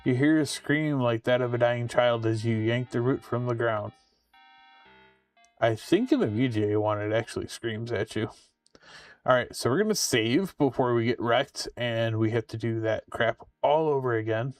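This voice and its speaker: A man's voice: mid-range voice, moderate pace, no echo, far from the mic, faint music behind. A man casually commenting on his own game playthrough. He reads the game's text aloud and adds joking asides. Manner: offhand, chatty, joking asides. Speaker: game streamer.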